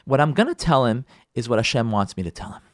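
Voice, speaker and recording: Speaking quickly in a medium-pitched voice, this middle-aged man, a rabbi who counsels couples, delivers a lecture on marriage. The studio recording has no echo. He talks straight to his audience, repeating and stressing points, and lively plays out spouses' arguments as dialogue.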